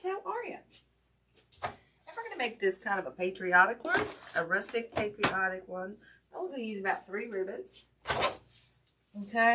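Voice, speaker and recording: Chatty woman hosting a craft livestream. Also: medium pitch. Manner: chatty, apologetic, greets viewers by name. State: out of breath. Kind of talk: casual livestream chat while crafting. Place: indoor home craft room. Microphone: camera mic at a distance. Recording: distant mic with audible background noise.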